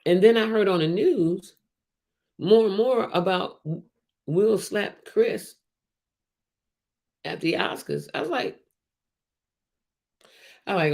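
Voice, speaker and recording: A woman's voice: mid-range voice, animated, takes it slowly, creaky, long pauses, a little mellow. A woman hosting a casual livestream, talking emphatically with many restarts and repetitions and reading out viewer comments. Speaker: host of a livestream show.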